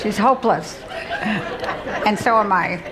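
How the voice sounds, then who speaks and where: A keynote speaker in her sixties from Midland, Michigan, tells warm, self-deprecating stories for laughs at a luncheon. Her medium-pitched voice is a little slow, and a loud crowd makes the luncheon hall very noisy.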